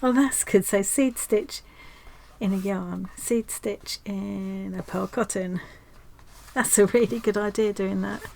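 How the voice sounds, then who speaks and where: A woman hosting a craft channel, chatting casually and excitedly as she opens mail in her craft room. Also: medium pitch, slow pace, vocal fry, a little hiss or hum. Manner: chatty and excitable, gasping and laughing often. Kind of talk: casual chat while unboxing mail.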